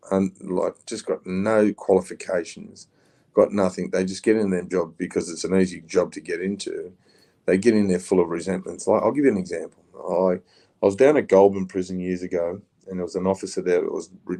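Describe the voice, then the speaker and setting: Casting: blunt middle-aged Australian man, very low gravelly voice, dark tone, swears freely. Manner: blunt, rough-spoken storyteller, swears, says "mate". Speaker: podcast guest, former prisoner. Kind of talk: casual interview talk.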